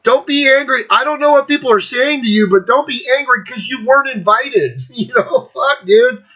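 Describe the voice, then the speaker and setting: A man's voice: very high voice, normal speed, highs cut off. A man in his fifties hosting his own show, ranting bluntly and mockingly, swearing freely and laughing often. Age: 50s. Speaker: podcast host. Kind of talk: profane rant.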